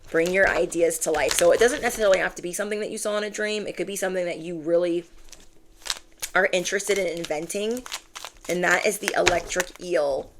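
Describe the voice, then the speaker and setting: A woman giving a channeled tarot reading, speaking with animated, drawn-out emphasis while shuffling cards. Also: lowish voice, background noise. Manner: animated, drawn-out emphatic phrases, acts out quoted reactions. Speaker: tarot reader.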